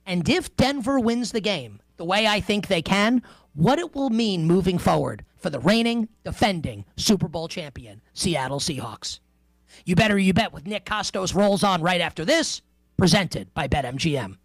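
Male sports-betting radio host, animated delivery, dry close mic. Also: sits high, normal speed, dry recording. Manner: emphatic, conversational, playful asides. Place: radio studio.

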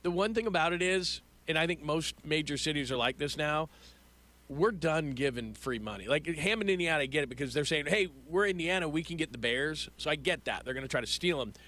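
Male host, animated, opinionated, bright and fairly high voice. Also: brisk. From Los Angeles. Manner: animated, opinionated, stammers when excited. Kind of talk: casual sports talk.

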